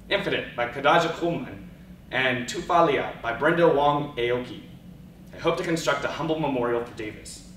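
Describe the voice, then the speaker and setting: A man giving a dramatic oral interpretation of poetry, slow and theatrical, dropping to hushed lines and rising to loud cries. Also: mid-range voice, a little hiss or hum. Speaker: speech and debate competitor. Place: large event hall. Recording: echoey hall recorded from far off.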